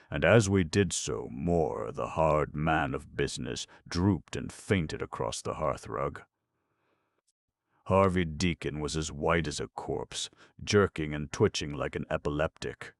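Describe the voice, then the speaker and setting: A man narrating a ghost story in a measured, dramatic reading. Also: very deep voice, creaky, no room sound, studio quality. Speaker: audiobook narrator.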